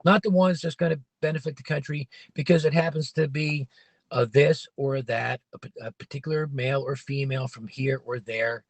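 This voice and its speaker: A man's voice: medium pitch, steady tone, normal speed, dry recording. A man hosting a casual livestream from his parked car, rambling and opinionated with many restarts. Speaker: livestream host.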